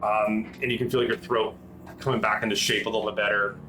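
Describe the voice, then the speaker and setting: A man's voice: fairly low pitch, level tone, fast, pushed and bright, rough recording. A man narrating as game master in a rambling way, with many restarts and fillers, over faint music.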